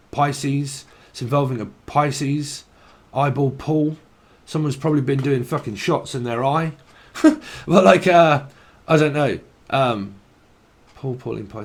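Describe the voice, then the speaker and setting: A man giving a casual channelled tarot reading, rambling and free-associating, laughing often and swearing casually. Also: medium pitch. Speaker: tarot reader.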